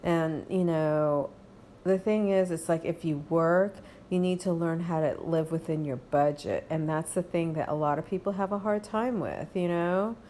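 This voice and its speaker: A woman with a fairly low voice talks through a loose, rambling monologue at home, full of fillers and little "okay?" check-ins to the listener. Faint hiss sits under her voice. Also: normal speed, mellow. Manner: rambling, frequent fillers, reassuring asides with "okay?". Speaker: podcast host. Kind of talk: casual monologue.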